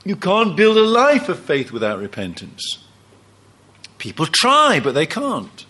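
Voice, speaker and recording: A man's voice: sits high, huge pitch swings, a little slow, sharp tone. A man preaching a sermon, emphatic, often acting out quoted lines.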